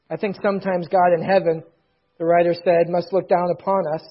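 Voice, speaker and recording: A middle-aged male pastor preaching a sermon, swelling loud, then dropping to near whispers. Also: sits high, flat delivery, brisk, slightly rough, lo-fi sound.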